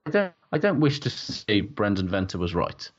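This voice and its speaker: A man's voice: on the low side, very animated, normal speed, breathy edge. A man co-hosting a sweary podcast, ranting in exasperation. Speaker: podcast co-host. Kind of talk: casual sweary podcast chat. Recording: dull lo-fi sound.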